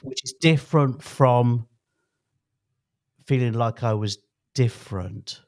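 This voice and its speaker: A man's voice: medium pitch, takes it slowly, a little mellow. A man in his fifties co-hosting a podcast, chatting casually in a rambling, jokey way that keeps interrupting itself. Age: 50s. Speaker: podcast co-host. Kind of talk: casual chat.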